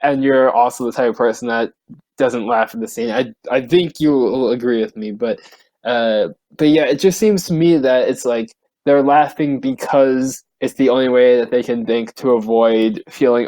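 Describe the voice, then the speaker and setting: A young man in casual podcast talk, mid-pitched and rambling thoughtfully with lots of fillers. His voice sounds dry and close to the mic. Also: normal speed, a little mellow, no room sound. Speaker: podcast co-host. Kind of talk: casual chat.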